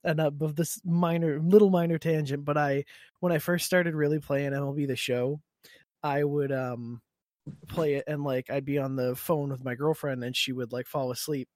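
A male podcast co-host chats casually, giggling often and trailing off mid-thought. His voice is on the high side and darkish in tone, with fairly even intonation and normal speed, in clean studio sound with no room ambience.

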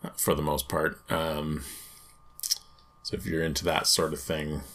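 A man co-hosting a casual podcast, talking in a relaxed, offhand way with frequent chuckles. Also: a bass voice, measured pace. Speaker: podcast co-host.

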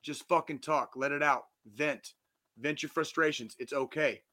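A man's voice: on the high side, moderate pace, pushed and bright. Blunt, profane man in his forties. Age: 40s. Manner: earnest, reassuring pep talk. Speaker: podcast host. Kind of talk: casual motivational monologue.

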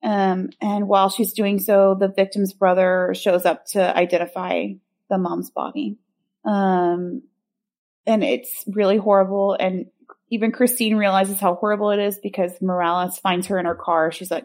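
A woman's voice: mid-range voice, level tone, measured pace, darkish tone. A woman co-hosting a podcast, recapping a film in casual, sarcastic chat with many ums.

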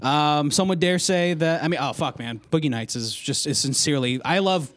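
A man's voice: a little high, moderate pace, a bit bright, no echo. A man hosting a casual podcast chat, rambling with frequent laughs and restarts. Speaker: podcast host.

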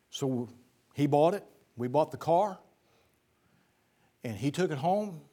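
A man's voice: a little high, lively intonation, takes it slowly, pauses often, mellow. A man preaching a sermon, telling a folksy story and then building to fervent emphasis.

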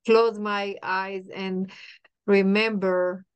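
Middle-aged woman, podcast guest; smooth voice, halting restarts, repeats herself. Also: medium pitch, little pitch movement. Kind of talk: emotional personal storytelling.

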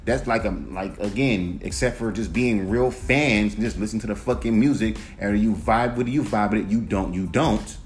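A man's voice: lowish voice, normal speed, few pauses, faint music behind. A man hosting a solo podcast, ranting in a casual, profane, emphatic way and mocking others in put-on voices. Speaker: podcast host.

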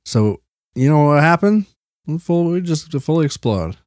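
A man co-hosting a podcast in casual chat, with deadpan, offbeat jokes. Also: fairly high pitch, moderate pace, dry recording, studio quality. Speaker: podcast co-host.

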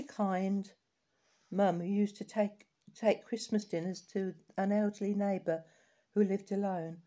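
At a steady, unhurried pace, a woman with a medium-pitched voice reads collected life stories aloud, occasionally making small restarts.

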